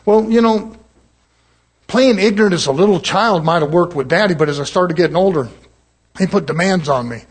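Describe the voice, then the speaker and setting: Man preaching, husky and fairly high-voiced, chatty and folksy with acted quotes. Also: brisk. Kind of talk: sermon.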